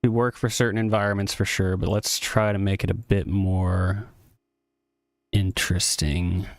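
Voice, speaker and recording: A man's voice: deep voice, flat delivery, measured pace, no echo, studio quality. A man streaming a music tutorial, talking casually and thinking aloud, often correcting himself and apologizing in an easygoing way. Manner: casual, rambling, self-correcting. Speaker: streamer composing game music.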